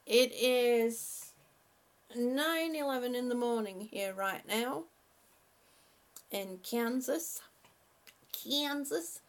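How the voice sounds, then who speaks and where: A woman hosting a casual live stream, chatting and laughing often as she greets viewers by name. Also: medium pitch. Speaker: livestream host.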